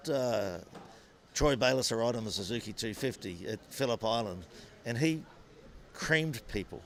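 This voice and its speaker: Older Kiwi ex-racer telling stories. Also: male voice, medium pitch, normal speed. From New Zealand. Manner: animated anecdotes with frequent restarts. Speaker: former motorcycle racer and businessman. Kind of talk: interview, storytelling.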